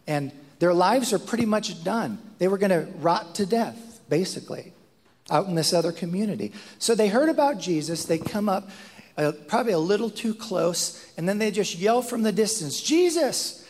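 A man preaching a sermon, telling a story with lively acted-out quotes and frequent repeated words. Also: high voice, normal speed. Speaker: pastor. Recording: long hall reverb.

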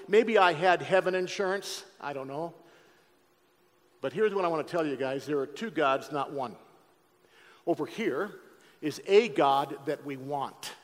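A middle-aged man preaches his testimony in a big auditorium, his somewhat high voice trailing off into a long hall echo. He talks straight to the crowd, dropping low and quiet and then climbing up loud. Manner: conversational, addresses audience directly, shifts from hushed to loud. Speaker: speaker giving a testimony talk. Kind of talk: sermon-style testimony. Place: large auditorium.

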